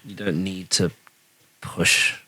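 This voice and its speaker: A man's voice: sits low, level tone, takes it slowly, sharp tone, no echo. A man hosting a podcast, chatting casually in a joking, self-deprecating way. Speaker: podcast host.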